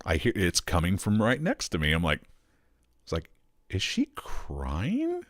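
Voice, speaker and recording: Man, deep voice, lively swings in pitch, profane, rambling, casual home rant. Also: brisk, no room sound, clean studio sound. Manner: profane, rambling, animated storytelling. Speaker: streamer. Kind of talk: casual ranting monologue.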